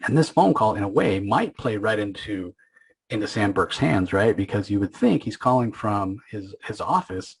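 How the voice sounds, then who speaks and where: A man hosting a comic book podcast, casually recapping an issue and retelling its scenes with quick acted-out quotes, often pausing on fillers and restarts. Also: on the low side, expressive, vocal fry, breathy edge, rough recording.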